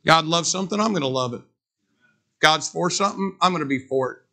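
Forceful, higher-pitched male preacher. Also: brisk. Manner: emphatic preaching with call-and-response. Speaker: pastor. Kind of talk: sermon. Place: church sanctuary.

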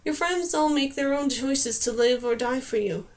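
A woman voicing a female talking pony that speaks briskly, firmly and a little smugly. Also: sits high, lightly acted. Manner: brisk and firm. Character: cross, smug talking pony mare.

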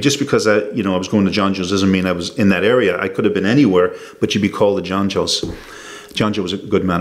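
An older man speaks in a deep, gravelly voice as an interview guest. He talks in a loose, conversational way, restarting sentences and repeating phrases. When he rejects a claim, he becomes firm and emphatic. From United States. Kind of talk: casual interview talk.

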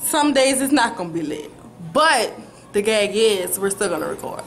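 A woman's voice: mid-range voice, sing-song, moderate pace, slight background noise, poor audio. A young woman vlogging at home, chatting upbeat to the camera about her plans. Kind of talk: casual chat to camera. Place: at home, indoors. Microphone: handheld camera.

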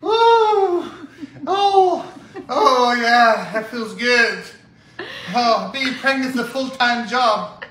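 A man's voice: extremely high pitch, animated, very slow, a bit bright, slight background noise, exaggerated voice. A man playing a whiny, demanding pregnant young wife in a comedy sketch who groans and keeps asking for things. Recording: echoey room.

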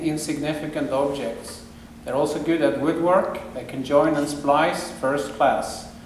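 A man giving a measured lecture, explaining and quoting from a diary. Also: on the high side, recorded from a distance, slight background noise. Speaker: museum director giving a lecture. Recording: echoey hall, voice off-mic.

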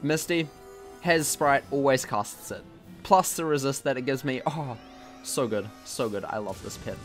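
A gaming channel host jokes around casually as he plays a video game, poking fun at himself and exclaiming at what happens on screen. His mid-range voice stays unhurried, with soft music playing in the background.

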